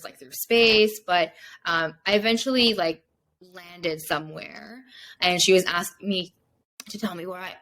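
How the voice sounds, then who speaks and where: A young woman speaks in a slightly low register, chatting loosely as a podcast guest. She retells her experience in animated bursts and leans on "like" constantly. Her delivery is casual storytelling, not scripted. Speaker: mindset coach, podcast guest.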